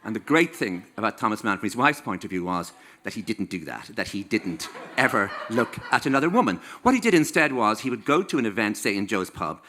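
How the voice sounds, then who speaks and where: Irish man, 60s, author at a live talk; wry comic storyteller with a bright, forceful voice. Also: on the low side, very animated, fairly quick, a little hiss or hum. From Ireland. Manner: wry, playful, acts out quoted voices. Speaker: author giving a stage talk. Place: stage in a small venue.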